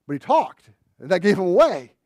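A man preaching a sermon in a dramatic way, dropping to a hush and then rising to loud emphasis. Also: sits high, big pitch swings, a little fast, dry recording, studio quality.

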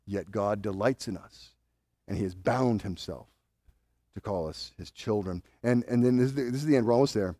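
A man preaching a sermon, swinging between loud bold declarations and hushed, intimate asides. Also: mid-range voice, no room sound, clean studio sound. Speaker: pastor.

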